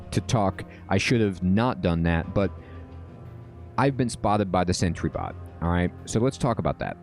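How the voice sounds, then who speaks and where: A man giving casual gameplay tutorial commentary as a game guide host, relaxed and checking in often with "all right?". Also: fairly low pitch.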